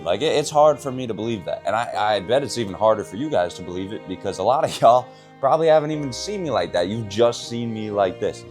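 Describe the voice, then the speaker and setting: A man's voice: lowish voice, animated, fast, few pauses, a little mellow, faint music behind. A young man talking casually to camera in a fitness vlog, joking at his own expense and laughing often. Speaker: fitness vlogger. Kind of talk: casual self-filmed vlog.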